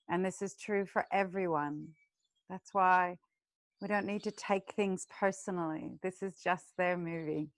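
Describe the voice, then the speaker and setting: Woman yoga teacher, slow calming breath cues, kinda low voice, dry close sound. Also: no room sound. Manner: slow, soothing guidance with drawn-out breath cues. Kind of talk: guided yoga and breathing instruction.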